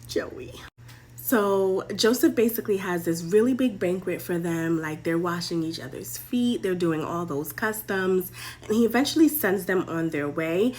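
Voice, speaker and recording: A woman's voice: on the low side, moderate pace, a little mellow. A young woman hosting a show, casually retelling a Bible story in playful, slangy language with lessons at the end. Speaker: host.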